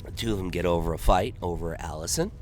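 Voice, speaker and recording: A man's voice: low-pitched, fast, music in the background. A man doing gameplay commentary, telling a long rambling joke and acting out the characters in raised voices.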